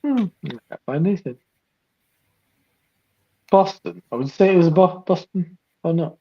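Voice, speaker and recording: A man's voice: sits high, a little slow, vocal fry, warm tone, husky, highs cut off. A middle-aged man co-hosting a podcast, chatting casually over beers and jumping in eagerly. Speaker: podcast co-host.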